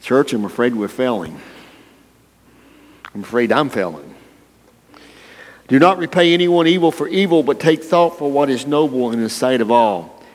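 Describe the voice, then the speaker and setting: A man's voice: medium pitch, lively intonation, normal speed, long pauses. A man preaching a folksy, playful sermon, calling out to people in the congregation by name. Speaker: pastor. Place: church. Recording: long reverb of a church hall.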